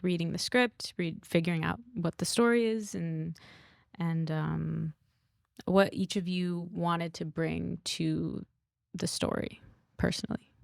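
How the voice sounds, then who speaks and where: A woman director hosts a casual podcast chat, relaxed and halting with frequent ums. Her voice is slightly low with a gravelly fry. The sound is dry and close. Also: no echo. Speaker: podcast host and film director.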